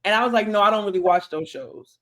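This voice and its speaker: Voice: mid-range voice, pushed and bright. Podcast co-host, casual storyteller, chatty, mid-range voice. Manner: chatty, drawn-out anecdote with quoted dialogue.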